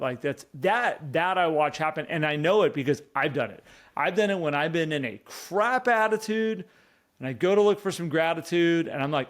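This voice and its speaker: A man co-hosting a podcast in casual conversation, animated and fond of acting out his own inner dialogue. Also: fairly high pitch, normal speed. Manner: animated, acts out inner dialogue in quoted voices. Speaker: podcast co-host.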